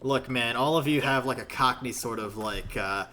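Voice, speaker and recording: A man's voice: mid-range voice, moderate pace, sharp tone, a little hiss or hum. A man streaming a video game who rambles casually, makes fun of himself and swears freely. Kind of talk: casual gaming stream commentary.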